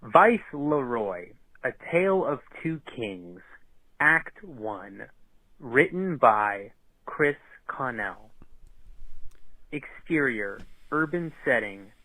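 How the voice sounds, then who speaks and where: A man on a voicemail reading a screenplay aloud in a flat monotone. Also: mid-range voice, dry recording, rough recording. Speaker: caller reading his script aloud.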